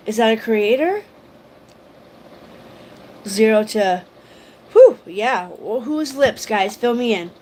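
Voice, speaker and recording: A woman's voice: on the high side, expressive, slow, pauses often, a little mellow. A woman hosting a reaction livestream, exclaiming in shock and chatting with her viewers. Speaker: host.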